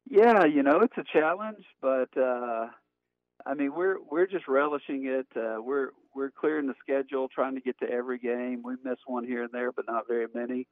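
A man calls in over a thin, phone-like line, the sound dry with no room around it. He tells stories in a relaxed, plainspoken way, like a pastor chatting with old friends. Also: medium pitch, normal speed, no echo. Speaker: pastor, guest.

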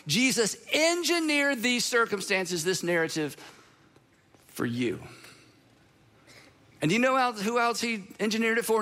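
Male pastor, sermon, high pitch, bright tone, earnest, repeats phrases for emphasis. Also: expressive, normal speed.

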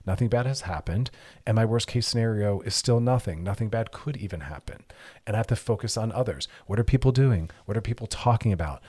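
Husky low-voiced man giving advice. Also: darkish tone. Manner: earnest, direct, coaching with repeated commands. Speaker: advice show host. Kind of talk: advice podcast monologue.

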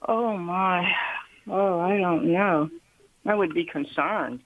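Slow, hesitant woman caller. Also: on the low side, no room sound, narrow, tinny audio. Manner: hesitant, unsure. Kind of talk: phone call to a radio show.

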